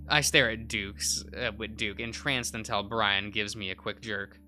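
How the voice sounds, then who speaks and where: A man's voice: on the low side, fairly even intonation, unhurried, few pauses, sharp tone, faint music behind. A young man streaming, reading a visual novel aloud with many uhs and restarts.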